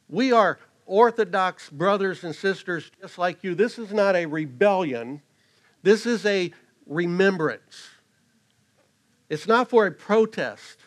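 Male pastor, higher voice, earnest sermon delivery, stresses key lines. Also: animated, measured pace. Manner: earnest, with restarts and rising emphasis on key phrases.

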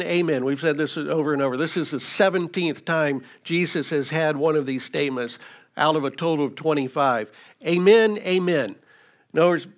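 A man's voice: a little high, a bit bright. A man preaching an expository sermon, teaching through scripture verses with frequent restarts. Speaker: pastor.

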